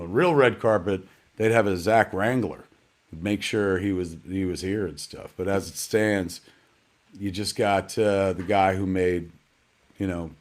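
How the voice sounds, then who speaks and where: Rambling, slangy male live-stream host. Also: fairly low pitch. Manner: rambling, self-deprecating, slangy, calls the audience kids and man. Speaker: red carpet host. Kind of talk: casual live-stream hosting.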